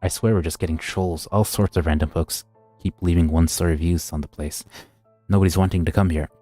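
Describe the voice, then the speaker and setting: A weary, frustrated female restaurant worker, read by a man in a deep, mellow voice. She vents in a tired, put-upon way. Quiet music hums behind. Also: fairly even intonation, a little fast. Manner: weary, venting.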